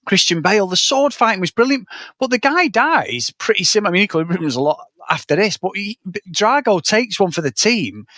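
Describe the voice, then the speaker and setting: A man's voice: high voice, very animated, brisk, sharp tone, dry recording. A man co-hosting a podcast, chatting casually about a film, sweary and rambling. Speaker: podcast co-host.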